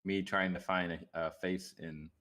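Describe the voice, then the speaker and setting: A man's voice: deep voice, little pitch movement, normal speed, pushed and bright. A man co-hosting a casual livestream, making laid-back, dry short remarks. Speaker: co-host.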